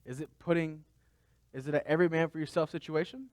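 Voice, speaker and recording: A man's voice: fairly high pitch, steady tone, fast, a little mellow. A man pastor preaching a conversational sermon, asking his listeners rhetorical questions.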